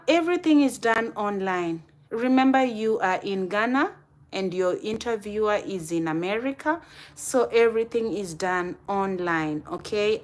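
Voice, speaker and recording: A woman with a Kenyan accent hosting a casual live stream, chatting and addressing viewers directly by name. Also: mid-range voice.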